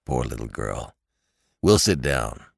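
A man voicing a big, stern and suspicious father in a storybook reading, speaking heavily and gruffly. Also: extremely low pitch, big pitch swings, a little slow, no room sound, studio quality, pitched below the performer's own voice, exaggerated voice. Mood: tender. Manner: heavy, gruff.

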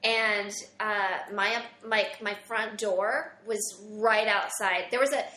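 A woman from Southern Illinois, a guest telling lively stories in a casual interview and acting out what people said. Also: mid-range voice, slow, roomy sound. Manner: animated storyteller, acts out quotes.

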